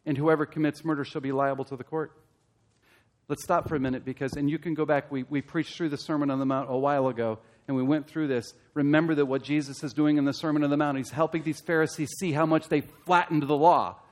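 A male pastor delivering a sermon in a somewhat high voice. He talks straight to the congregation with pointed questions and swells into loud, emphatic stretches. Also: steady tone, quick pace. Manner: impassioned, rising to loud emphatic peaks.

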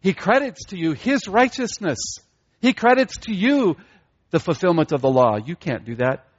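A man preaching a sermon with emphatic delivery, repeating key phrases and rising in pitch to stress a point. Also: very animated, normal speed. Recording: dull lo-fi recording.

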